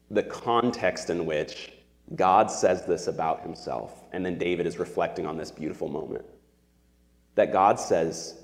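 Low-voiced guy in his thirties preaching, chatty and earnest, big echoey church hall. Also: moderate pace. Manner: conversational, earnest, with fillers like "like" and "right?". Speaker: pastor. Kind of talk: sermon. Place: church sanctuary. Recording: long hall reverb.

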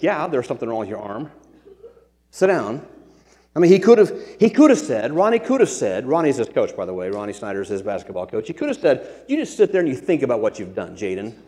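A middle-aged man delivers a sermon as a pastor, earnest and chatty, stumbling over and restarting phrases as he goes. His voice is mellow and warm, carried on the long reverb of a church hall. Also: medium pitch. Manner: earnest, conversational preaching with frequent restarts.

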